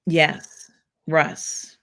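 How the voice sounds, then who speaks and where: A woman's voice: drawn-out words, fairly bright tone. A woman hosting a casual live pop culture stream, reading out viewer comments in a rambling way with many filler ums.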